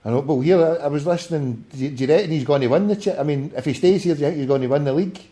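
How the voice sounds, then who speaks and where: A Scottish man running a football phone-in, swearing constantly and ranting between questions. His voice is dark and mellow and sits slightly high for a man. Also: racing. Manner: sweary, ranting, jokey with callers. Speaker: radio phone-in host. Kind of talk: casual sports phone-in.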